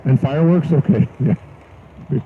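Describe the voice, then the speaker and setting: A man's voice: mid-range voice, moderate pace. Man, drag race announcer, joking asides, lo-fi sound, engine noise in background. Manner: joking, folksy asides between runs. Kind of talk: live race commentary. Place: outdoor dragstrip. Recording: dull live-stream audio with loud track noise.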